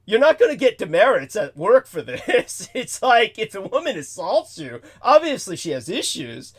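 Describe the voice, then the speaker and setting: A man's voice: sits high, huge pitch swings, normal speed, a bit bright, breathy edge. A man hosting a talk show, telling a story in a profane, exasperated rant that swings between mutters and outbursts. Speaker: show host. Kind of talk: ranting storytelling monologue.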